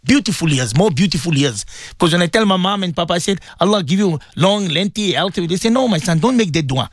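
A high-voiced middle-aged man, hosting talk radio in a studio. He rambles with feeling and turns often to his co-host and his listeners. The sound is dry and close. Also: lively intonation, fast talker, no echo. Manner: emotional, rambling, addresses co-host and listeners directly.

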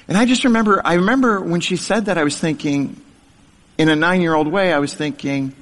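A man's voice: sits high, very animated, measured pace, long pauses, long reverb tail, background noise. A middle-aged man telling his childhood story to an audience in a humorous, self-deprecating way, laughing as he goes. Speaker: speaker sharing his life story.

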